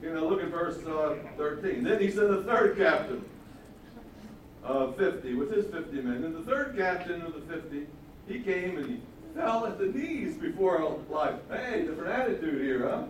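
A man's voice: a little high, animated, normal speed. A man teaching the Bible in a conversational sermon, with casual, chuckling asides and questions to the listeners. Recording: echoey hall from far off, faint noise.

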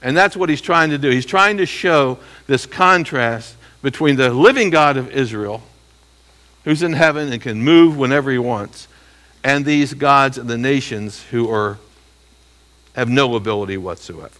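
A man's voice: medium pitch, normal speed, a bit bright. A man preaching an expository sermon, reading verses aloud and asking the listeners rhetorical questions. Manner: emphatic, rhetorical questions, reads scripture aloud.

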